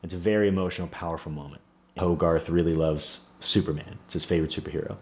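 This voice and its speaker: Man, deep low voice, earnest, reflective, personal vlog monologue. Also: fairly even intonation, fast talker. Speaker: small business owner.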